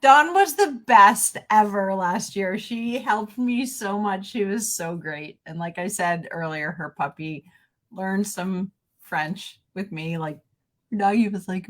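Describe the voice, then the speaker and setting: Woman, French teacher guest, playful and animated on a video call. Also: mid-range voice. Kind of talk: casual live-stream chat.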